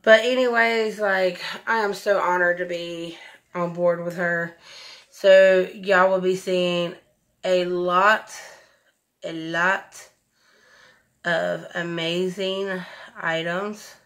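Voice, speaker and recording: A woman's voice: on the low side, steady tone, slow pace, fairly bright tone. A woman, chatting effusively through a makeup tutorial, recorded at home on a camera mic. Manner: chatty, effusive, says y'all a lot. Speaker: beauty vlogger. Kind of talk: casual makeup tutorial chat.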